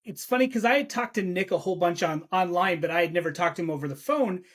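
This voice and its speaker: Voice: mid-range voice, fast talker. A host asking questions and telling a story in a casual interview.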